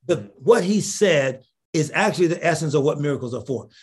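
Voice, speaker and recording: A bishop preaching with fervor, asking the listeners rhetorical questions and bursting into shouted emphasis. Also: male voice, fairly high pitch, expressive, a little fast, husky. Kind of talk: impassioned preaching.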